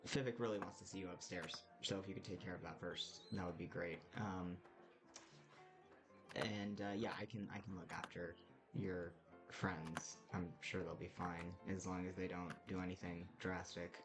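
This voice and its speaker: A man voicing a chatty, fretful androgynous tiefling drow bartender who talks fast and breezily, in a tabletop game. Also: low-pitched, fairly even intonation, over music, natural voice. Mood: breezy. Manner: quick, gossipy, breezy complaining.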